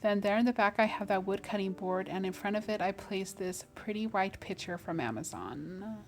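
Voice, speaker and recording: A woman's voice: medium pitch, moderate pace, faint music behind. A woman giving a casual, cheerful home tour as a decor vlogger, gushing over each piece she shows. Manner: cheerful, gushing, often says she loves things.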